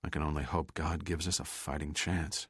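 A tired, grave ship captain weighing hard choices, as a deep-voiced male narrator puts him on. The voice sits low, dry and close. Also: little pitch movement, normal speed, a bit bright, slightly rough, no echo, heavily acted. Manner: weary, grave. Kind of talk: audiobook character reading.

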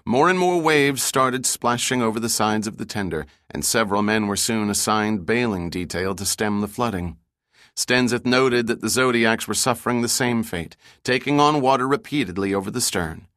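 A man giving measured, scripted audiobook narration of an adventure novel. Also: fairly low pitch, dry recording, clean studio sound. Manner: even, measured storytelling.

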